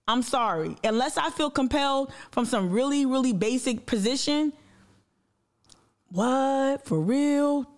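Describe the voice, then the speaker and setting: A woman hosting a livestream, giving a blunt, impassioned monologue full of profanity and repetition, speaking straight to her audience. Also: sits high. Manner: addresses the audience directly and reads viewer comments aloud. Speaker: livestream host.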